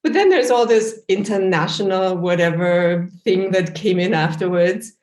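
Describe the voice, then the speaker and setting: A woman, hosting a casual podcast conversation and telling stories in a chatty, animated way. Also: medium pitch, moderate pace. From Austria. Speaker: host, linguist. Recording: roomy echo.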